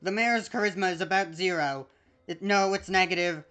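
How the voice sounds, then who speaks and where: A woman's voice: lowish voice, normal speed, a bit bright, soft background music. Casual woman streamer reading game text. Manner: casual, chatty, self-correcting asides. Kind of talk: reading game text aloud while playing.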